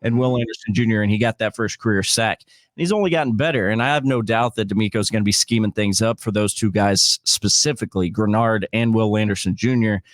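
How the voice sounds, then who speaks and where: A man talks as an enthusiastic guest on a casual sports podcast, his voice on the low side. He often restarts his sentences, and his voice sounds dry and close. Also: fairly quick, no echo.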